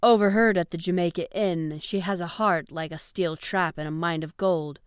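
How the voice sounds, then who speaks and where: A woman's voice: on the low side, steady tone, normal speed, smooth, dry recording, clean studio sound, natural voice. A woman voicing a big easygoing male press agent who jokes sheepishly. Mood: joking. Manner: sheepish, joking.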